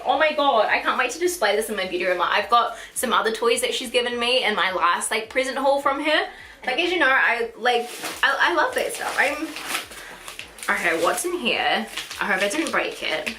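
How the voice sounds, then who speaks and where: A woman's voice: a little high, expressive, brisk. A New woman in her twenties chatting through a birthday haul vlog, gushing and chatty, full of "like" and "oh my god". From New Zealand. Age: 20s. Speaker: beauty vlogger. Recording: echoey room with faint hiss.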